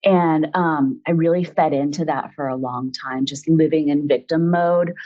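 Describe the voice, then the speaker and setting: A woman's voice: low-pitched, fairly even intonation, moderate pace, highs cut off. A woman in her forties, an interview guest, telling a personal story in a rambling, frank way full of fillers.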